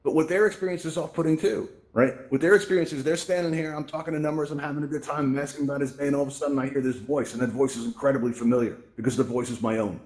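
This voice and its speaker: This is a casual spoken presentation by a man hosting a virtual reality tutorial, heard through a headset mic. He races along with hardly any pauses, his mid-range voice fairly even in intonation and a little mellow, often ending lines with "right?" or "you know".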